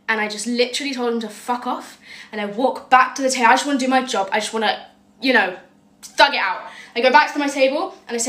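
Fast, bright-voiced sweary woman. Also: fairly high pitch. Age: young adult. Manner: sweary, deadpan comic storytelling with frequent "right?". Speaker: content creator. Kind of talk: casual storytime monologue.

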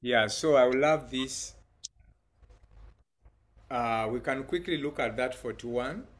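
A man's voice: mid-range voice, takes it slowly. A man leading an online Bible study, speaking hesitantly with many fillers.

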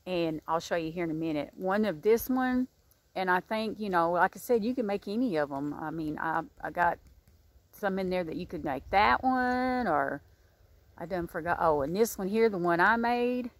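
A woman chats about a crochet book in a rambling, homespun way, full of "uh" and "you know." Her voice sits a little low. She talks to her viewers from outdoors. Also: lively intonation, normal speed, no room sound. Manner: chatty, rambling, warm-hearted with many fillers. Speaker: crochet channel host. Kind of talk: casual book review chat.

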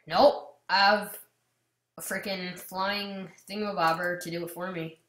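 A woman giving casual gameplay commentary, swinging between loud outbursts and muttered asides. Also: lowish voice, fairly even intonation, measured pace, echoey room. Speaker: gamer commentator.

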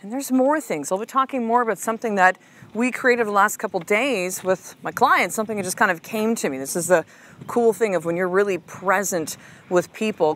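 Calling her listener "sister," this life coach, an adult mom of a six-year-old, runs a motivational podcast in a chatty, emphatic manner, peppered with "like," "right?", and free swearing. Her voice is mid-range and a bit bright, with a little hiss or hum underneath.

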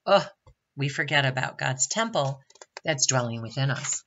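A woman's voice: low-pitched, very animated, normal speed, slightly rough, dull audio. A woman reading a picture book aloud to children at a Bible camp, stopping often to ask the listener questions. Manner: chatty asides asking the listener questions.

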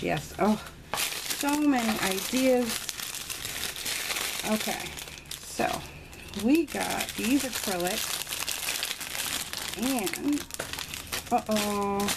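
Gushing woman, gravelly and unhurried. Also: mid-range voice. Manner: gushing, chatty, thinking aloud. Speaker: beauty vlogger. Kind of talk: casual unboxing chat. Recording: noisy home recording.

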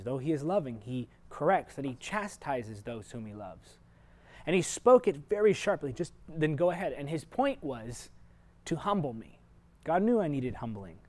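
An earnest male preacher with a fairly high voice, teaching a televised sermon. He speaks straight to the viewers, swinging from loud, emphatic points to hushed, personal asides. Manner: earnest, shifts sharply between loud emphasis and quiet asides; direct, personal address to viewers.

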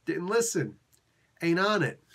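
A man hosting a casual comic book review, talking in an excitable, rambling, slangy way. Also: high voice, measured pace, vocal fry, slightly rough.

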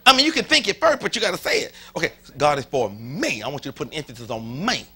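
This Southern US male pastor sounds a little high and slightly rough, speaking in rapid-fire bursts. He preaches animatedly inside a church sanctuary, guiding the congregation through call and response and now and then lowering his voice to a whisper.

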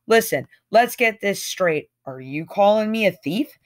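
A woman's voice: mid-range voice, lively intonation, a little slow, pitched above the performer's own voice, close to an everyday voice. A woman voicing a young male student thief who plays innocent and turns combative, with a raised, defensive tone. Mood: defensive indignation.

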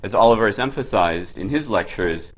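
A man giving a physics lecture at a board, pausing often with fillers and restarting his sentences. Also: lowish voice, expressive, muffled recording. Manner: halting, many fillers and restarts. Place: lecture hall.

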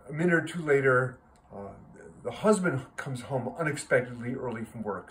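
A man's voice: medium pitch, a little hiss or hum, rough recording. Chuckling older man telling a joke. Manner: chuckling, self-amused. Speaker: joke teller.

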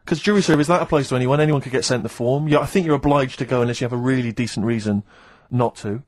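A man co-hosting a radio show, his voice a little husky, drops dry sarcastic remarks. He is recorded close on a studio microphone. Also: mid-range voice, fast talker, darkish tone, no room sound. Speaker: radio co-host. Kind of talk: casual radio banter.

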